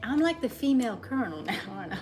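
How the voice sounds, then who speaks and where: A woman's voice: fairly high pitch, very animated, quick pace, darkish tone, soft background music. A woman co-hosting a playful live cooking chat in a home kitchen, teasing and mock-genteel in a put-on Southern drawl. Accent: put-on Southern American drawl. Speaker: co-host.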